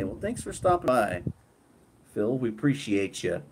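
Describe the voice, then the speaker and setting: A man hosting a casual live stream, relaxed, reading viewer comments aloud and laughing often. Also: fairly low pitch, a little slow. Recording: clear background noise.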